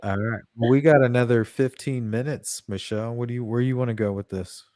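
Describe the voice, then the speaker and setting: An easygoing man hosts a casual livestream chat, his voice at an ordinary middle pitch. He tosses in quick asides, and the sound is dry and close with no room echo. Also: steady tone, darkish tone. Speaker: livestream host.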